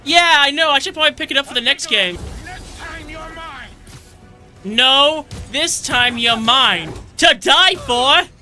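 High bright-voiced guy yelling and joking through his gameplay, slowish pace, faint game music. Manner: excitable, shouts and jokes at enemies. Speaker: let's play gamer. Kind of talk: gameplay commentary.

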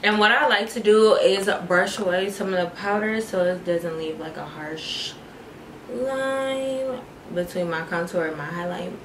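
A woman's voice: on the low side, unhurried. A young woman vlogger casually talking viewers through her makeup routine, calling them y'all and girl. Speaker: beauty vlogger. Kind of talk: casual makeup tutorial chat. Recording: echoey room, faint noise.

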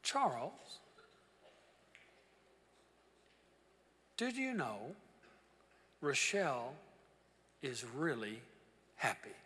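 Soft, tender divine voice as a man puts it on, slow and kindly, in an echoing church. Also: mid-range voice, very animated, a little hiss or hum, heavily acted. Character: gentle, happy-toned male divine voice. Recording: reverberant church hall with congregation.

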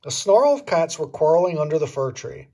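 An older man, a grandfather reading a children's picture book aloud in an expressive way, pointing out the pictures. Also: fairly high pitch, fairly quick.

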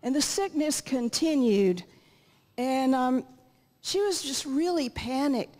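A woman's voice: sits high, animated, slow, a little mellow. An older woman giving an earnest personal testimony at a church meeting, speaking into a stage microphone. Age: 60s or 70s. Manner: earnest storytelling, acts out quotes. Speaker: guest speaker. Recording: reverberant church hall.

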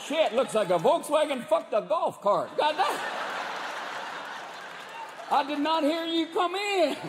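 A man's voice: extremely high pitch, expressive, takes it slowly, background noise, pitched above the performer's own voice, heavily acted. A man playing a rowdy small-town gas station attendant who hollers and mocks. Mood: mocking. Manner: loud, hollering. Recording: live stage recording in a big hall with a crowd.

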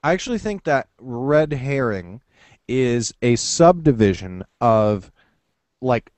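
A man co-hosting a casual podcast, telling things in an animated, jokey way. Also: medium pitch, slow, dry recording. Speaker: podcast co-host.

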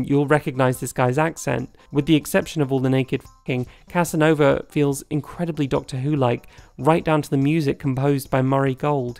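A man's voice: medium pitch, gravelly, a little mellow, no room sound. A man narrating a scripted video essay in a chatty, wry, opinionated way.

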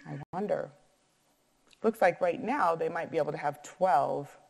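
A woman teacher reading a picture book aloud and pausing to count and ask math questions in an echoey room. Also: low-pitched, vocal fry, darkish tone.

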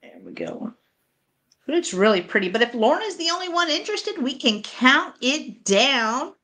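A woman's voice: sits high, very animated, normal speed, sharp tone. A woman hosting a live online sale, chatting casually and counting down bids in an upbeat way. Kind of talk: live selling chat.

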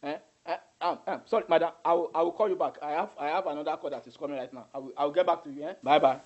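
A man's voice: on the high side, rapid-fire, darkish tone, lo-fi sound, lightly acted. Man playing an evasive Nigerian agent. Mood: soothing evasive. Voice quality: brushes off, pidgin-tinged. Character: evasive smooth-talking male immigration agent.

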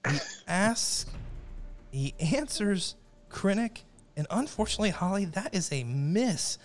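A man's voice: high voice, big pitch swings, measured pace, soft background music. A man hosting a trivia game in a playful mock-formal announcer manner. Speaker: trivia game show host.

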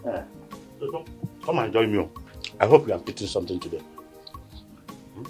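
An actor with a Nigerian accent playing a pleading husband who keeps calming his wife and sister. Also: fairly low pitch, fairly quick, soft background music. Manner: pleading, soothing, repeats himself. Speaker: husband and brother in the family. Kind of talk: Nollywood film acting.

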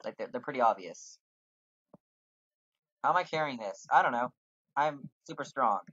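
A sarcastic gamer jokes and swears through a fantasy game, with a husky voice that swings lively up and down. The recording is dry and a little dull, from a home mic. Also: medium pitch, normal speed, no room sound. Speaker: let's play gamer. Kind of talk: casual game commentary.

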